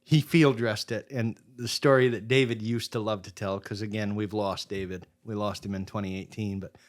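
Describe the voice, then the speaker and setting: A middle-aged man from Maine, a podcast guest telling a casual hunting story in an animated way and acting out what people said. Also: lowish voice, normal speed. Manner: animated storyteller who acts out quotes.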